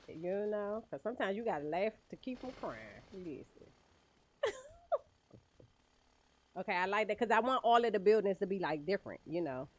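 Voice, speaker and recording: A woman streaming a game, chatting casually with viewers and laughing often. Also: medium pitch. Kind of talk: casual livestream chat while gaming.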